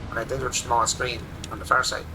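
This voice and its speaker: An Irish man in his forties, a streamer rambling excitedly through casual commentary while he plays a game at his home desk. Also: medium pitch, a little fast, background noise. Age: 40s.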